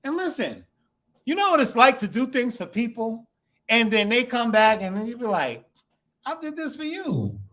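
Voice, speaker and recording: A man's voice: very high-pitched, lively intonation, moderate pace, a bit bright. A man teaching a congregation through a scripture lesson, asking the class questions and acting out the people in the text.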